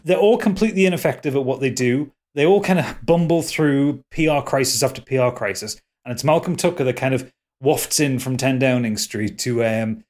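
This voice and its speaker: A man's voice: medium pitch, a little fast, darkish tone. A man with a Geordie accent chatting casually on a podcast, rambling with lots of ums and restarts and swearing freely. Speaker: podcast co-host.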